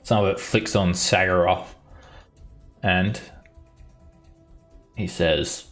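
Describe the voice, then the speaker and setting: A man's voice: sits low, steady tone, slow pace, fairly bright tone, soft background music. A man narrating a tabletop role-playing game as its dungeon master, with vivid descriptions.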